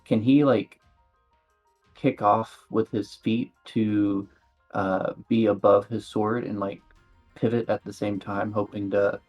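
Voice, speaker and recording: A man's voice: fairly low pitch, little pitch movement, slow pace, darkish tone, faint music behind. A man playing in a tabletop game, describing his character's moves hesitantly and filling gaps with "like.". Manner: hesitant, hedges with many likes. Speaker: player. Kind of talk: casual tabletop play.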